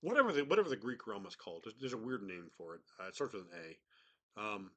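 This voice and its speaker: A man's voice: lowish voice, sing-song, fast talker, sharp tone. A man with a cold, a game master chatting casually and rambling, with many restarts. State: has a cold. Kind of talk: casual chat about tabletop games.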